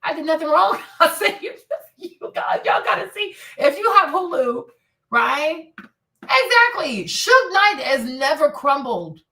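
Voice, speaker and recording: A woman giving blunt, profane, animated reaction commentary, often laughing and raising her voice. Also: sits high, slow pace, distant mic. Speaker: commentary streamer.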